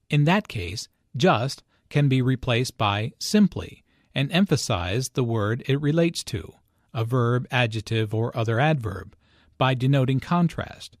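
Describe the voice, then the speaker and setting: A man narrating an English lesson in a slow, deliberate, explanatory reading. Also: mid-range voice, lively intonation, no room sound, studio quality. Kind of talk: scripted language lesson narration.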